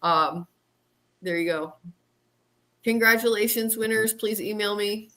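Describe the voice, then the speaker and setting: Bright, giggly woman livestream host. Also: medium pitch, unhurried. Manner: chatty, giggles often. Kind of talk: casual livestream chat.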